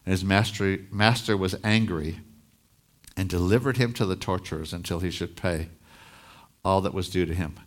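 A pastor preaches a Sunday sermon at a moderate pace in a fairly low voice. He reads scripture aloud, pauses to explain it plainly, and adds force on the lines he wants to land.

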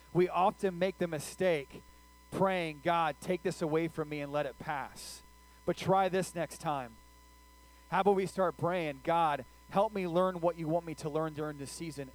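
A man's voice: a little high, low-quality recording. A middle-aged man preaching a conversational sermon, asking his listeners questions as he retells a scripture story. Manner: conversational, asks the audience questions.

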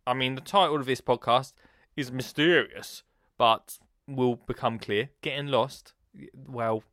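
A man hosting a gardening podcast in a rambling, excitable chat, bursting into sing-song phrases and laughing at himself. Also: mid-range voice, measured pace, dry recording, clean studio sound. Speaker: podcast host. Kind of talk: casual chat.

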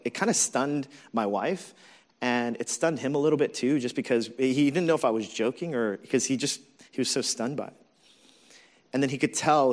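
A man in his forties, a pastor, preaching a sermon in a candid, conversational storytelling way with many fillers. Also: medium pitch.

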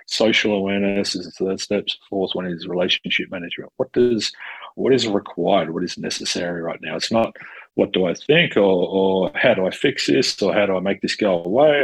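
Gravelly husky guy chatting, keeps restarting sentences, acts out dialogue, dry close mic. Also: lowish voice, no room sound, rough recording. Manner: animated, self-interrupting, acts out quoted dialogue, swears casually. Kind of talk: casual conversation.

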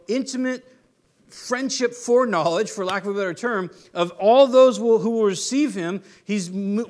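A man preaching a sermon, teaching conversationally with rhetorical questions and restarts. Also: high-pitched. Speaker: pastor.

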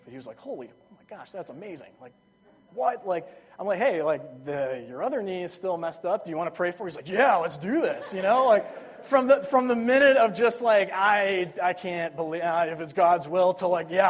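A young man preaching a sermon, telling stories in a casual, enthusiastic way with lots of fillers. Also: a little high. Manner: casual, enthusiastic storytelling with frequent "like".

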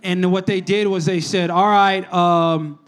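A male pastor giving a casual, conversational sermon in a church, moving between hushed prayer and animated storytelling. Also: sits high, unhurried, clear, resonant tone.

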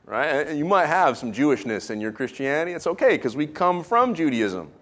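A man preaching a sermon, raised in Israel, animated and jokey, swinging between loud emphatic lines and sudden quiet, hushed ones. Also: on the high side, moderate pace. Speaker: pastor.

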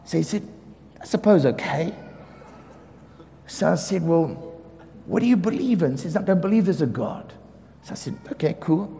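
A man preaching as a pastor, telling lively stories about his neighbours, acting out the quotes and often laughing. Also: a little high, a little fast, creaky, a little hiss or hum. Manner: animated storyteller, acts out quotes, laughs often. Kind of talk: sermon storytelling. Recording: reverberant hall with faint ambience.

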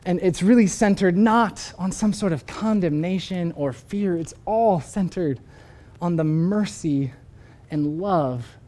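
Warm-voiced pastor preaching. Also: male voice, high-pitched, slow. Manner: storytelling, earnest. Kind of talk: sermon.

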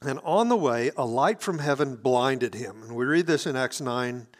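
A man's voice: mid-range voice, animated, moderate pace. A man preaching a sermon, explaining scripture earnestly, often restarting his phrases.

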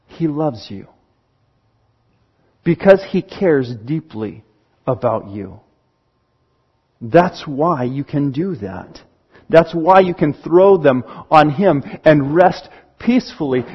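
A man, a church elder, preaching a sermon in an earnest, pastoral way with slow, emphatic pauses. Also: on the high side, animated, slightly rough, dull audio.

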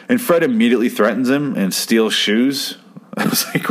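A man's voice: mid-range voice, moderate pace. A man casually recapping and nitpicking a TV episode, swearing and joking sarcastically as he goes. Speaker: commentator reviewing a TV episode. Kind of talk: casual chat.

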